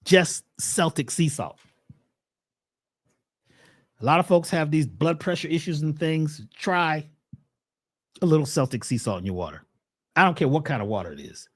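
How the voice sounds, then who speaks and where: A man presenting herbal health advice in a casual livestream talk, preachy and animated, throwing out rhetorical questions. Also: a little high, moderate pace, pauses often, husky.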